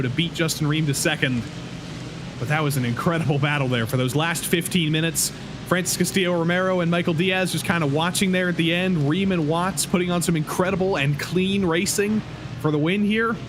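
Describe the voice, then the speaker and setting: A man's voice: a little high, a little fast, noisy background. A man giving enthusiastic color commentary on a sim race replay.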